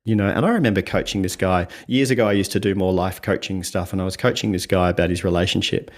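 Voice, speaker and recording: A man's voice: low voice, fast talker. A man from Australia, a communication coach, explaining ideas in steps on an interview podcast, acting out quoted voices and laughing often. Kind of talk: conversational interview.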